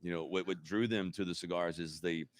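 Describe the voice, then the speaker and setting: An earnest man with a fairly low voice talks in a measured way on a casual live show. He hedges and fills as he explains his views. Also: steady tone. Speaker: podcast co-host. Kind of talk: casual chat.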